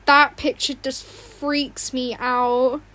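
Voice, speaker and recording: Drawing on stream in her bedroom, a woman talks slowly in a high, sharp voice with a level tone. She's casual, giggly, and prone to rambling and apologising, while fan noise hums in the background.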